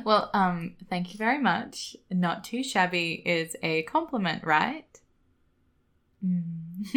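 A woman's voice: fairly low pitch, expressive, takes it slowly, fairly bright tone. A woman performing an intimate audio role-play, talking straight to the listener in a teasing, giggly way.

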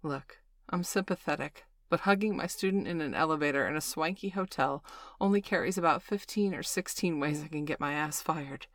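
Wry, blunt female teacher, read by a woman, low dry voice, gentle under the edge. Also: a little fast, no echo. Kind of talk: audiobook character voice.

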